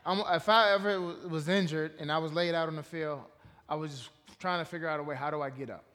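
A former football player from Washington, D.C. tells his stories in an easy, joking style, with his voice sitting a little higher than most men's. He speaks before a church congregation, and a long hall reverb trails each phrase. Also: fairly even intonation, quick pace, a bit bright, a little hiss or hum. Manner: laid-back, joking, sincere about faith. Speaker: former pro football player, interview guest. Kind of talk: relaxed storytelling interview.

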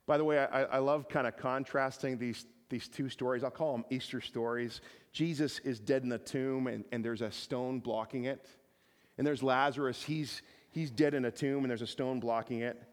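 A man's voice: medium pitch, fairly even intonation, normal speed. A man preaching a sermon as pastor, often repeating words as he builds to emphatic peaks. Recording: long reverb of a large hall.

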